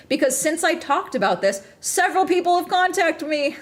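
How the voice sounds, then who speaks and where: A woman's voice: high-pitched, very animated, normal speed. A woman streamer in casual livestream chat, still agitated and ranting with lots of swearing and bursts of laughter.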